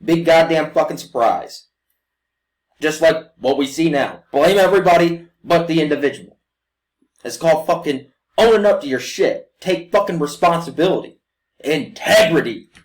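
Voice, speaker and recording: A man's voice: on the high side, moderate pace. A young man hosting a reaction video, ranting emotionally with lots of swearing and mocking impressions. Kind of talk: profane ranting commentary. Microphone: desk USB mic.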